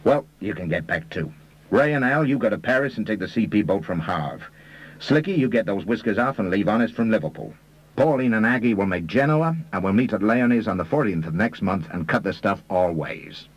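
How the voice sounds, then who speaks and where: Brash, scheming American con man, as a man puts him on, throwing out slang with a husky, low swagger and a voice that bounces up and down. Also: animated, rough recording. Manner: fast-talking slangy swagger.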